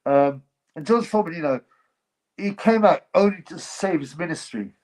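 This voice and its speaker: A man's voice: on the high side, lively intonation, moderate pace, darkish tone, a little hiss or hum, low-quality recording. A man hosting a casual livestream, reading chat comments and giving blunt, rambling opinions. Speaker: livestream host.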